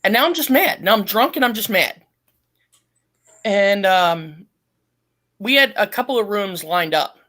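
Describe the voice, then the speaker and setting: A middle-aged woman, a podcast guest, telling a long story in a blunt, profane and animated way. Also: medium pitch, measured pace, pauses often. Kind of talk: casual storytelling.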